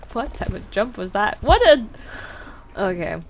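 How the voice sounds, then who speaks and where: A woman's voice: medium pitch, lively intonation, takes it slowly, a little hiss or hum. Giggly woman streaming a horse game. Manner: chatty, giggly, self-deprecating. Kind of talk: casual gameplay commentary.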